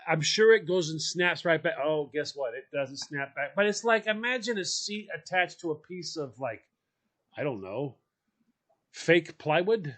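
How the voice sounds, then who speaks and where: Animated man telling a funny story. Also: on the high side, a little slow. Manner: animated, acts out quoted voices, laughs while telling. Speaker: podcast host. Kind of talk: casual storytelling.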